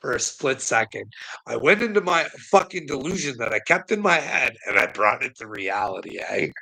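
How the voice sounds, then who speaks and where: A man's voice: medium pitch, very animated, normal speed, creaky, pushed and bright, rough recording. A man telling a rambling personal story, swearing a lot and laughing often between lines. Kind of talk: casual storytelling monologue.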